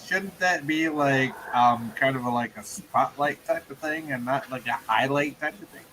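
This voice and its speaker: A man's voice: mid-range voice, moderate pace, bright, forceful tone, a little hiss or hum, rough recording. A man hosting a live morning talk stream, joking and teasing his guests while chatting casually. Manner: joking, teasing, laughs often. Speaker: show host. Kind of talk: casual chat.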